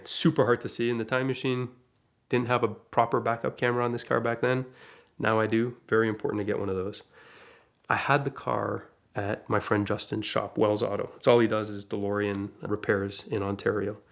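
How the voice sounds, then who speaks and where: Man, lowish voice, casual storytelling, animated, acts out quotes. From Canada. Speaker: guest storyteller.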